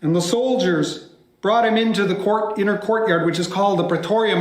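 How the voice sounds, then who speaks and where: A man, a pastor, telling a scripture story by heart with dramatic delivery, dropping some lines to a hushed whisper. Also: sits high, brisk. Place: church. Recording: echoey church room.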